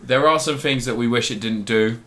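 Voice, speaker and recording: Bright-voiced man rambling casually. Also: medium pitch, fairly quick. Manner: rambling, excitable, swears casually. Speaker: podcast co-host. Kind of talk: casual chat reviewing TV shows.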